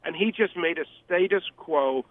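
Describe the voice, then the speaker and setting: A man's voice: a little high, moderate pace, no echo. A man calling in as a guest on a radio interview, talking emphatically, rambling and repeating himself. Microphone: telephone. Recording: tinny phone line, dry.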